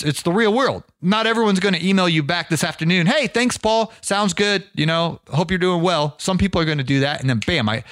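A middle-aged man hosting a podcast, coaching business owners in an energetic, folksy monologue that often repeats words as he restarts. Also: on the high side, no echo, clean studio sound.

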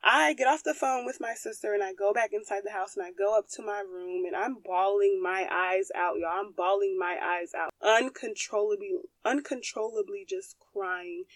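A woman's voice: medium pitch, moderate pace, no room sound. Young woman, podcast host, candid emphatic testimony, dry close sound. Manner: candid and emphatic, addresses listeners as y'all. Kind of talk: personal testimony.

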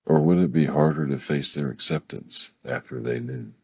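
A man reading a romance novel aloud, unhurried, with small slips and restarts. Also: extremely low pitch, a little mellow, slightly rough, no room sound. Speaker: book reader.

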